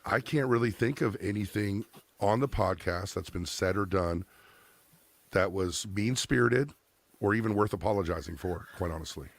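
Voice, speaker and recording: A man co-hosting a podcast, calm and reassuring. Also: fairly low pitch, moderate pace, no echo.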